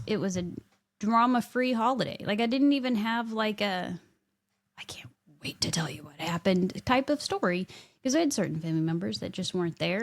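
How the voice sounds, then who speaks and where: A middle-aged woman co-hosting a podcast, telling a story in casual chat and laughing as she goes. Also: fairly high pitch. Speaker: podcast co-host.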